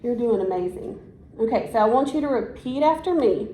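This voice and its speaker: Brisk and warm, with a fairly high pitch and lively intonation, a woman teaches a one-on-one science lesson, cheering on and praising her student as they repeat after her. The recording has the sound of an echoey room.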